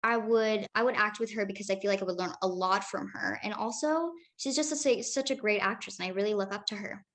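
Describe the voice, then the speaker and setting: A teenage girl, a young actress, talks through her answers in a chatty, upbeat way. She fills her sentences with ums and likes and keeps a mid-range pitch. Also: brisk, hardly any pauses, a bit bright. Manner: chatty, upbeat, with many fillers. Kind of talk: casual interview answers.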